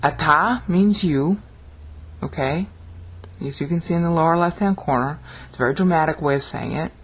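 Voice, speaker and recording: A husky, mid-range voice at a moderate pace belongs to a Bible language teacher giving a slide-based video lesson. He explains each word in turn, repeatedly asks "okay?", and chants ancient phrases with dramatic rising emphasis.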